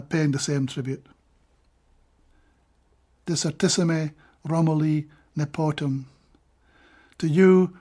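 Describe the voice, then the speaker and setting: Scottish man reading poetry aloud. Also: fairly high pitch. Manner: measured, deliberate reading with brief plain-spoken asides. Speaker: poet reading his own translations.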